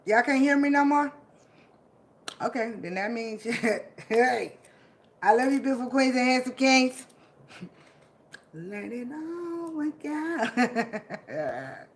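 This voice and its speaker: High-voiced woman giving an emotional pep talk. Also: a little slow, long pauses. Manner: animated, laughing often, swearing, hyped. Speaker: vlogger. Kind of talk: emotional motivational monologue.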